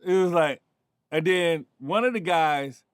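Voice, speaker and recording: A man in his fifties from North Carolina tells a story in a relaxed, chatty way, full of asides to the listener. His voice sits high. The recording is close and dry. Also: a little slow, clean tone, dry recording. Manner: loose, conversational, with frequent asides. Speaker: show host and storyteller. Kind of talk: casual personal storytelling.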